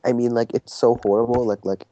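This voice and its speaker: A man's voice: medium pitch, level tone, fairly quick, dark tone. A man on an online call, speaking hesitantly with many fillers. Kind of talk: casual online chat. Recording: dull, dry call audio.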